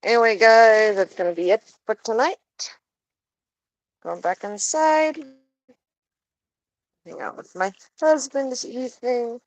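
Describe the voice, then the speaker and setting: A woman's voice: a little high, unhurried, long pauses, muffled recording. A woman vlogger chatting casually while outdoors by an animal coop at night, coaxing and fondly talking to her animals. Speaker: pet owner vlogger. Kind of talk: casual chat while doing evening chores.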